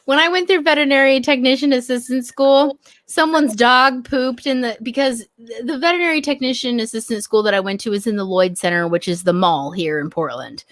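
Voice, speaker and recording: A woman appears as a guest on a podcast, chatting casually, laughing, swearing often, and tossing in self-mocking asides. Her voice is on the high side, a little fast and a bit bright, with no room sound.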